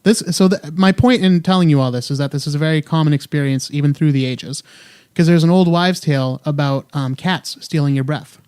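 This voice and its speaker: A young man hosts a podcast at home, chatting loosely and joking, with a lot of ums along the way. His voice sits a little high for a man. The recording is close and dry, with no room sound. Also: fairly quick, a little mellow, smooth, no echo. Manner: joking, rambling, many fillers. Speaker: podcast host. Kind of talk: casual chat.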